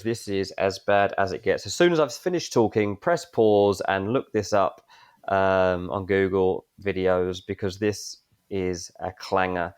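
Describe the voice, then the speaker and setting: A man co-hosting a sports podcast, excitably walking through a blunder, his voice jumping up as he describes it. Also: fairly low pitch. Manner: excitable, voice jumps up while describing. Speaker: podcast co-host. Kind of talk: animated clip breakdown.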